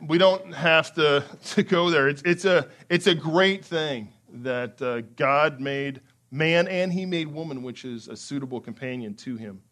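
A man preaching a sermon as pastor, conversational with small laughs, acting out excited quotes in a lively way. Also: a little slow, few pauses. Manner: animated, acts out excited quotes with rising pitch.

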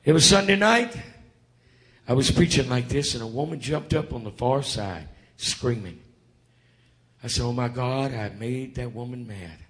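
A man preaching a revival sermon in church, building up to shouted calls to the congregation. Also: medium pitch, expressive, normal speed, long pauses.

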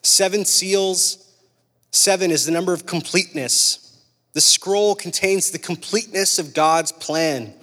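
Young guy preaching, high voice, chatty and animated, big echoey hall. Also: a little slow. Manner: animated and casual, fillers like "right?" and "like". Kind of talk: sermon with personal story. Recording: long hall reverb.

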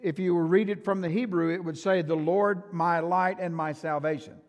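An older male pastor preaching a sermon, emphatic and swinging from loud to soft, in a church sanctuary. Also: high voice, steady tone, moderate pace. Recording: reverberant church hall.

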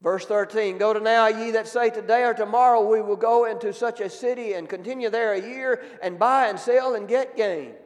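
Male preacher, folksy and direct, higher pitch, long hall echo. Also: moderate pace, few pauses. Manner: folksy, calls out questions to the congregation. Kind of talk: sermon.

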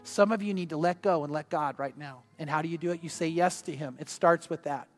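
An older man, a grandfather and pastor, preaching a sermon with earnest storytelling that drops soft and quiet in personal moments. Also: fairly high pitch, a little fast, soft background music.

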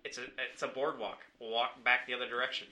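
A young man, a podcast guest, reminiscing in halting casual chat full of fillers and blunt swearing. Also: mid-range voice, steady tone, bright, forceful tone, slight background noise.

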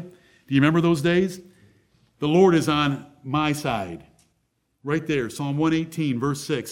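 Man, high voice, pastor, sermon, emphatic, rhetorical questions. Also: darkish tone.

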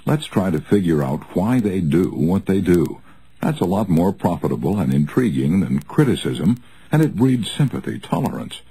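A man reading a nonfiction audiobook aloud in an earnest, measured way with expressive rises. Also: sits low, husky, no room sound, rough recording. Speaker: audiobook narrator.

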